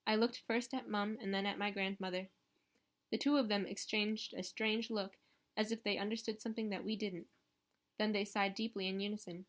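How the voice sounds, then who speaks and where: A woman narrating a novel in the first person with steady, even reading. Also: mid-range voice, normal speed. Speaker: audiobook reader.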